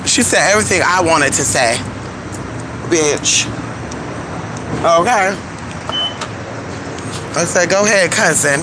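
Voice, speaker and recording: Sassy high-voiced man chatting from his car. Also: takes it slowly, pauses often. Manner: sassy, profane, talks to viewers as "y'all" and "honey". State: losing his voice. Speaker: vlogger. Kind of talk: casual live-stream chat. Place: in a car at a gas station. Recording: noisy phone audio in a car. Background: car and traffic noise.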